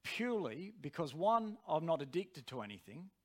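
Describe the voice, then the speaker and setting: A man's voice: on the high side, very animated, moderate pace. A man preaching a sermon, telling a personal story in an earnest, direct way.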